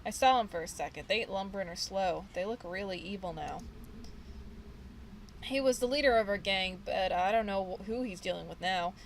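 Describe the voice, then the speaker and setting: Brief: woman reads nervous young male gang dropout, slangy, mid-pitched. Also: normal speed, a little hiss or hum, close to an everyday voice, poor audio. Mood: scared. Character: frightened young male ex-gang member, street-talking. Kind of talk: reading game dialogue aloud.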